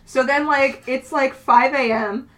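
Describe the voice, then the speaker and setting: A young woman on a casual podcast, chatty and teasing as she tells a story. Her voice sits a bit higher than most. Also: fairly even intonation, a little slow, fairly bright tone. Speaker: podcast co-host. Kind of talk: casual chat.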